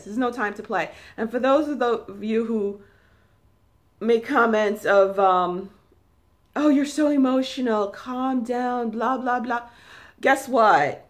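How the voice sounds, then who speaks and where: A woman with a New York accent giving an emphatic spiritual talk, repeating herself and rising into high, forceful tones. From New York City. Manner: emphatic, repetitive, high-pitched bursts. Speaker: spiritual channel host.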